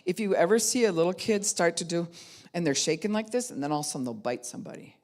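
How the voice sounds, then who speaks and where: A woman's voice: on the low side, expressive, fast talker, a little mellow. A middle-aged woman pastor giving a conversational teaching talk, speaking candidly and frankly and acting out the voices of people she quotes.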